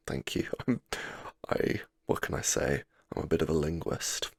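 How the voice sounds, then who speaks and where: A man rambling through a self-deprecating story in a soft, sleepy gameplay commentary, sometimes dropping to a near-whisper. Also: very deep voice, moderate pace, vocal fry, slightly rough, dry recording, studio quality. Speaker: gaming channel host.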